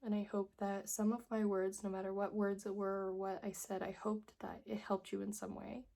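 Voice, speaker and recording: A woman's voice: medium pitch, level tone, moderate pace, creaky, dark tone. A young woman telling her personal story in a vlog, emotional and earnest, tearful as she pleads with viewers. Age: young adult. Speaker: vlogger.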